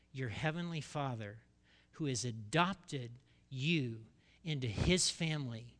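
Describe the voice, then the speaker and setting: A middle-aged man preaching a sermon as pastor, telling a story with sudden loud bursts and quiet asides. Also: mid-range voice.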